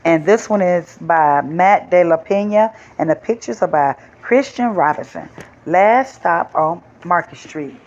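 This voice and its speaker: Slow, easygoing woman host. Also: lowish voice, muffled recording. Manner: relaxed, rambling with fillers. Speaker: storytime host. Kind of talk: casual chat to viewers.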